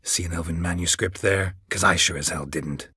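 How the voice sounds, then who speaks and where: Laconic game monster hunter: low, raspy, clipped, dry studio sound. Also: male voice, fairly even intonation, moderate pace, pushed and bright, no echo, heavily acted. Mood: terse, dry. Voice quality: husky, gravelly low voice. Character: gruff middle-aged male monster hunter, terse and dry. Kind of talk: game voice acting. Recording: dry close studio recording.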